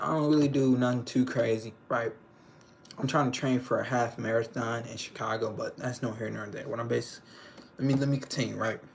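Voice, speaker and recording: Medium-pitched and creaky, this young livestream host's voice carries a little hiss or hum on the recording. He rambles along in slangy talk, repeatedly checking in with his viewers by asking "you know what I'm saying."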